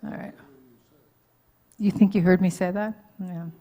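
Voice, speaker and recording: A woman's voice: fairly low pitch, fairly even intonation, a little slow, mellow. A woman counselor giving an informal teaching talk at a live church conference, often checking in with the audience and laughing at herself. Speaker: marriage counselor and conference speaker. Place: church hall, live event.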